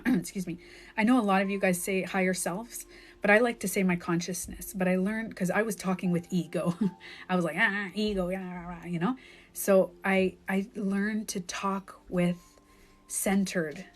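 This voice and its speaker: A woman life coach in her thirties, telling a candid, emotional story in a phone live-stream monologue, with lots of "like.". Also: mid-range voice.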